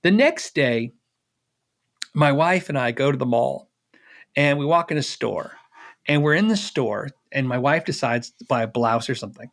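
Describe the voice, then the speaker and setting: A middle-aged man being interviewed, telling a personal story in a lively way, acting out the dialogue and laughing often. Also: medium pitch, normal speed. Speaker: interview guest.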